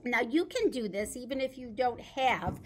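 A woman's voice: fairly high pitch, expressive, normal speed, a little hiss or hum. A woman leading a baby storytime as a children's librarian, reading a picture book aloud in a sing-song, playful way and coaxing little listeners to join in.

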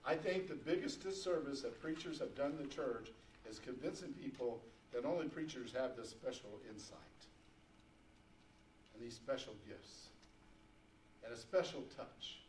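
Fervent preacher in an echoey church. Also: male voice, medium pitch, unhurried, a little hiss or hum. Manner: folksy, rising to fervent emphasis. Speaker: pastor. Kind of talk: sermon. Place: church sanctuary. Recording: echoey church room, mic at a distance.

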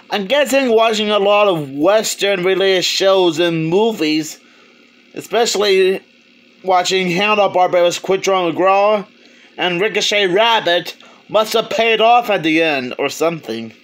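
High-voiced man rambling through a review. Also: a bit bright. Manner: rambling, halting, many restarts, chuckles. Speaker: movie reviewer. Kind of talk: casual video review.

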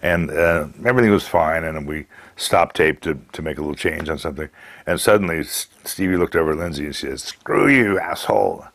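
A man telling a documentary interview anecdote as an animated storyteller, acting out quotes. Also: extremely low pitch, fast, dry recording. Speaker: recording engineer interviewee.

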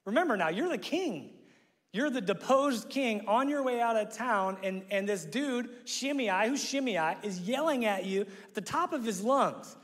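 Animated pastor preaching in a reverberant hall. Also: male voice, sits high, normal speed. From Omaha, Nebraska, USA. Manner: animated storytelling, acts out quotes with sudden shouts; jokey, self-mocking asides with laughter. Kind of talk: sermon. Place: church sanctuary. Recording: long reverb of a large hall.

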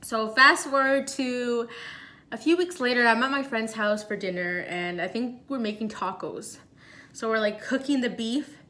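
A young woman vlogger telling a story in a casual, animated way, full of fillers and rushed retellings. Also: a little high.

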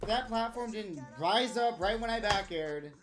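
A woman's voice: mid-range voice, animated, measured pace. A woman streaming a game, giving live commentary as a profane, frustrated rant. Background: game music.

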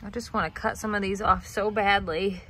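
A woman speaks in a gentle, cooing voice, soothing an animal in a casual outdoor vlog. Her pitch sits in the middle range and her talk stays soft and tender. Faint farm sounds hiss quietly behind her. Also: steady tone, normal speed, poor audio. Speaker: vlogger, pet owner. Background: faint farm ambience, geese and rain.

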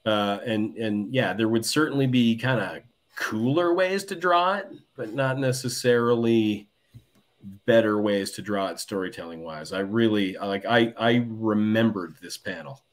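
A man's voice: fairly low pitch, measured pace. A man appearing as a guest cartoonist in a casual comic book discussion, talking thoughtfully and analytically. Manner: thoughtful, analytical, with many restarts.

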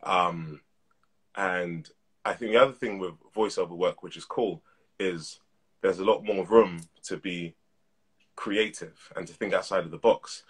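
Deep, husky-voiced man in his thirties. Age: 30s. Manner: relaxed, reflective, measured. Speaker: actor guest. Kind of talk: casual interview. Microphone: live video call.

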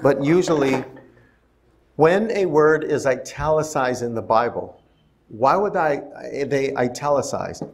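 In a church sanctuary, a male pastor leads a conversational Bible study sermon, frequently putting questions to the congregation. His medium-pitched voice is animated and a little slow, with a slight hiss or hum in the recording.

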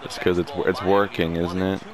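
Swearing constantly, a young gaming commentator casually narrates his play and flares up angrily whenever things go wrong. He speaks in a low voice with a flat delivery and moderate pace. Game music and a crowd can be heard in the background.

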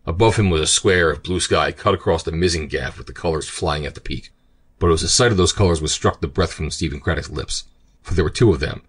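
A man narrating an adventure audiobook in a steady, measured way. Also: rumbling low, breathy edge. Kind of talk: scripted narration.

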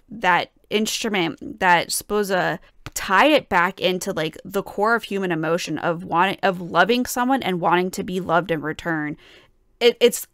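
A woman's voice: mid-range voice, fairly bright tone, clean tone, no room sound, studio quality. A woman musician casually and enthusiastically analyzing a song as she reacts to it. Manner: enthusiastic, explanatory.

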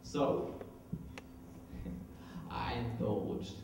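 A young man performing a spoken word poem dramatically, swinging between hushed lines and loud ones. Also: on the low side, extremely slow, slight background noise. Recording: very echoey room, voice far from mic.

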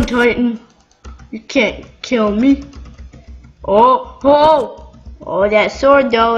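A young woman giving casual, excitable gameplay commentary, giggling and squealing. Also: sits high, highs cut off. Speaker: gamer.

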